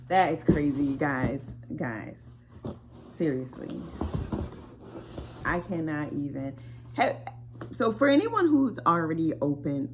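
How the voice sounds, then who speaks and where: A woman's voice: deep voice, noisy background. A woman author unboxing her own book in a casual vlog, chatty and emotional with frequent exclamations.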